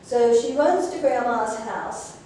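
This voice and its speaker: A woman's voice: a little high, slow pace, dark tone, slight background noise. A woman minister telling a fairy tale in a sermon, playful and chatty with the congregation. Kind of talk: storytelling sermon. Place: church sanctuary. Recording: echoey hall from far off.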